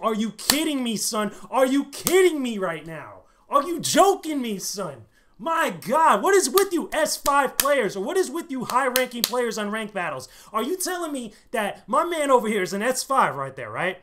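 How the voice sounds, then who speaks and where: High-voiced excitable male game streamer. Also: moderate pace, slight background noise. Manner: excitable, trash-talking, shouts in bursts. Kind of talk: live gameplay commentary.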